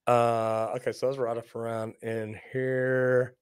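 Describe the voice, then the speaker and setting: A man hosting a live plumbing Q&A, telling lively folksy stories and joking as he reads viewer comments. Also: medium pitch, very slow, clear, resonant tone, no echo, studio quality. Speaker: plumber and show host.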